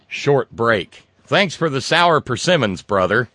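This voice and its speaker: A man hosting a call-in radio show, rambling and joking with sudden loud outbursts. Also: medium pitch, animated, takes it slowly, dry recording. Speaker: radio talk show host. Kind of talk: casual call-in radio banter. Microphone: studio microphone.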